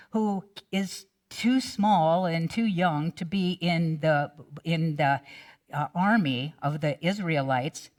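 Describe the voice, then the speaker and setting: A woman's voice: on the low side, darkish tone. A middle-aged woman minister retelling a Bible story in a sermon, in a casual, chatty way with many restarts.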